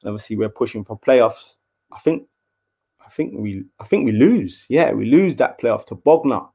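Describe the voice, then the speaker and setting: Young man, casual storyteller, lively and chatty, a former footballer's interview voice. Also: medium pitch, moderate pace, creaky, husky. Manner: animated storyteller, acts out quotes in a raised voice.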